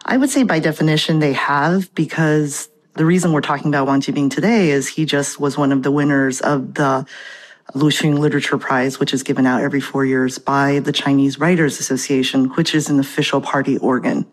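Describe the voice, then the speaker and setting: A woman professor and translator, explaining things clearly in an interview over a remote connection. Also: rumbling low, steady tone, a little fast. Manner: articulate, explanatory, reads poetry aloud. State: out of breath.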